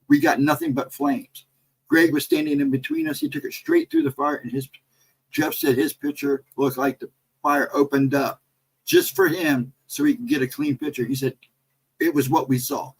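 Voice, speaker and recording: Rambling, husky-voiced man telling a story. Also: fairly high pitch, moderate pace, rough recording. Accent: American. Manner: rambling, animated storyteller who reads out chat. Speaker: livestream host. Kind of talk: casual storytelling livestream.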